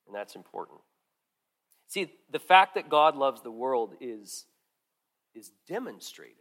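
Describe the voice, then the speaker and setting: A middle-aged man preaching a sermon, earnest and conversational, swinging from strong emphasis to quiet asides with frequent restarts. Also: medium pitch, big pitch swings, slow, pauses often. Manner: earnest, rises and falls in loudness, drops to quiet asides; conversational with restarts and repeated words. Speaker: pastor.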